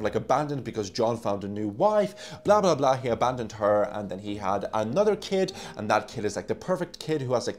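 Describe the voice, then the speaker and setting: A man's voice: mid-range voice, darkish tone. A man reviewing a horror film in a casual vlog, chatty and loose, often saying "like" and swearing offhand, recorded on a phone mic. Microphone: phone used as microphone.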